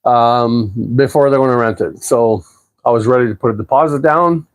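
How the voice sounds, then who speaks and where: A man, chatting casually on a livestream, rambling and relaxed, with plenty of fillers and the odd swear word. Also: medium pitch, normal speed. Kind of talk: casual livestream chat answering viewers. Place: apartment at home.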